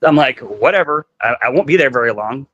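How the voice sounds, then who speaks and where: A man's voice: medium pitch, animated, a little fast, fairly bright tone, highs cut off. A man talking casually as a guest, rambling with lots of fillers and acting out what people said. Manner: rambling, heavy on "like" fillers, acts out quoted dialogue. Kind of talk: casual storytelling conversation.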